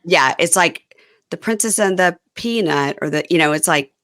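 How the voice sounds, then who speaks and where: A woman's voice: on the low side, normal speed, a bit bright. A woman hosting a podcast, chatting casually and rambling through a recap with frequent laughs. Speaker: podcast host.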